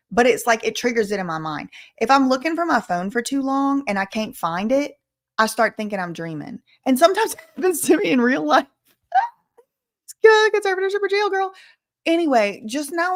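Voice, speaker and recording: Chatty woman hosting a livestream. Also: medium pitch. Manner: chatty, animated, joking asides. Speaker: livestream host. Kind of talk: casual livestream chat reading donations.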